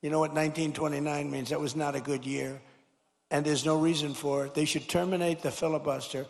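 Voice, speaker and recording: An older man giving a rambling, repetitive campaign-style speech at a podium microphone, rising to shouted slogans. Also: on the high side, little pitch movement, brisk, creaky. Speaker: political speaker. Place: large hall at a high school. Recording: reverberant hall.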